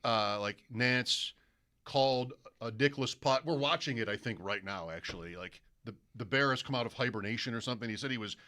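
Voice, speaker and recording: A male sports radio host telling a long anecdote in casual studio chat, animated and mimicking broadcaster calls. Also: medium pitch, brisk.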